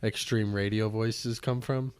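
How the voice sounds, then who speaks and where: A man's voice: on the low side, fairly even intonation, unhurried, a loud crowd. A young man co-hosting a comedy podcast in a laid-back, teasing way, calling his friend "dude.". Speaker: podcast co-host. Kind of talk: casual comedy chat. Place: small studio.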